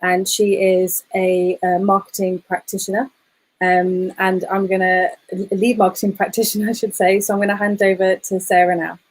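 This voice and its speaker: Flat-voiced woman hosting, hesitant. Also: medium pitch, moderate pace, poor audio. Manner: hesitant, many fillers, flat delivery. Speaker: event host. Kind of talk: introducing a speaker. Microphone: video call.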